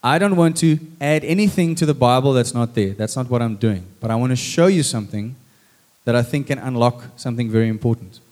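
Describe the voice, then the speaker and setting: A man's voice: mid-range voice, fairly quick. A man preaching a sermon in church, who tells the story with drama and acts out the lines. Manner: lively and dramatic, acting out lines. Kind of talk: sermon with acted scripture. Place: church stage with a congregation.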